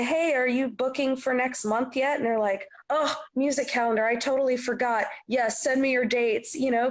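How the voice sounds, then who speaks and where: A young adult woman, a singer-songwriter, chatting in an interview and acting out the people in her stories. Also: a little high. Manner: animated storyteller, acts out quotes. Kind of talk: casual interview chat.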